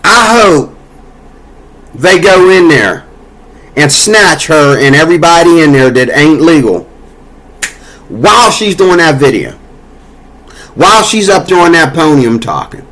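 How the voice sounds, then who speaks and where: A man with a notably high-pitched voice launches into an angry political rant. He scolds and curses freely, his tone heated and confrontational throughout. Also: big pitch swings, a little slow, pauses often, fairly bright tone. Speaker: political commentator. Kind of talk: angry monologue.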